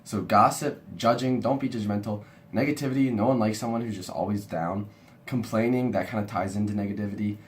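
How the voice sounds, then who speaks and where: A young man and university student, sick and with a rough-sounding voice, talking through a talk he watched in a rambling, casual way. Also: on the low side, steady tone, brisk, a little hiss or hum. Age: young adult. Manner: chatty and rambling, lots of "kinda". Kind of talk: casual video review.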